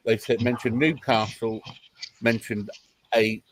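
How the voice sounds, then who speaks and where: A man's voice: medium pitch, fairly even intonation, a little slow, poor audio. A man from England hosting a livestream, chatting casually and mocking with a chuckle. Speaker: livestream host. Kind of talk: casual reaction chat.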